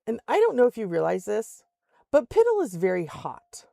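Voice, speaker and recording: Chatty older woman with a gravelly voice. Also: fairly high pitch, wildly swooping pitch, moderate pace, mellow, no echo, studio quality. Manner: chatty storyteller, laughs often, acts out voices. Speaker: streamer. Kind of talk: casual chat while gaming. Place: home in Alaska.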